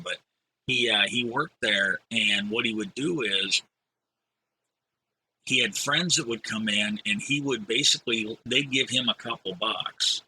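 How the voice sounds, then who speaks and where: A middle-aged man spinning a casual, rambling anecdote, dropping in casual curses. His voice sits low and comes across sharp and forceful. A faint hiss runs underneath. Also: low-quality recording. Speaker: streamer reading stories. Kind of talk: casual storytelling.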